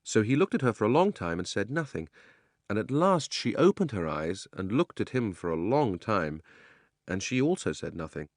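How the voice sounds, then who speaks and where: A man narrating a children's audiobook in a measured, expressive reading. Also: on the low side, no room sound, clean studio sound. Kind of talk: scripted storybook narration.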